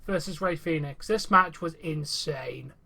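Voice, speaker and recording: A man's voice: a little high, unhurried, creaky, sharp tone. A young man hosting a casual wrestling review chat, rambling and chatty with many fillers. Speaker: host.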